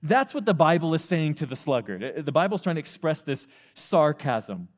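A man preaching a sermon to a youth group, animated, acting out the voices of parents and teens. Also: a little high, moderate pace. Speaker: youth pastor. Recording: long reverb of a hall.

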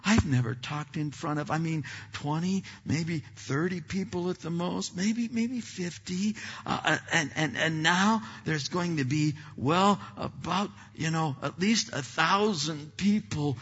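A man preaching, a pastor telling a story in a self-deprecating, animated way with many restarts, recorded in a church sanctuary. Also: a little high, measured pace, hardly any pauses, husky. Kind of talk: sermon storytelling. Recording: dull hall reverb, lo-fi.

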